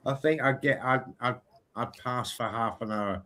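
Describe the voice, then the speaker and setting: A British man co-hosting a live boxing watchalong from a home streaming setup. He is excitable and energetic in his play-by-play. His voice sits at a middling pitch. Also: normal speed, a little hiss or hum. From Britain. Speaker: co-host.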